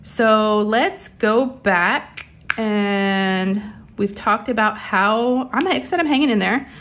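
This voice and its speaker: A woman's voice: medium pitch, slow, fairly bright tone. Chatty woman crafting at home. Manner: chatty, rambling, many fillers. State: a little out of breath, under the weather. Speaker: crafting vlogger. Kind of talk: casual chat while crafting. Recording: faint background hum of printers.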